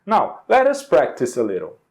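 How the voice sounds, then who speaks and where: A man with a Brazilian Portuguese accent teaching an English grammar lesson, explaining slowly and carefully, spelling out examples and checking in with "okay?". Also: fairly high pitch, wildly swooping pitch. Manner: slow and deliberate, stressing example words, frequent "okay?". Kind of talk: recorded video grammar lesson.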